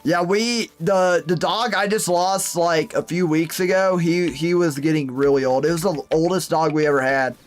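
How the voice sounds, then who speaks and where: High-voiced young male game streamer. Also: fairly even intonation, moderate pace, hardly any pauses, faint music behind. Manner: chatty, reads chat aloud, folksy exclamations. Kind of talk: casual live-stream commentary.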